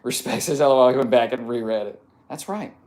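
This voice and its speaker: A man's voice: mid-range voice, fast talker, a little mellow. A man reading out chat comments on a casual live stream, joking and laughing often. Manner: playful, laughs often, reads comments aloud.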